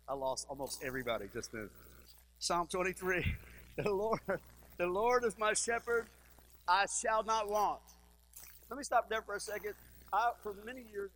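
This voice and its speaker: A man's voice: fairly high pitch, a bit bright, slight background noise, rough recording. A man, a pastor, preaching a sermon in a conversational, joking way and asking the congregation questions.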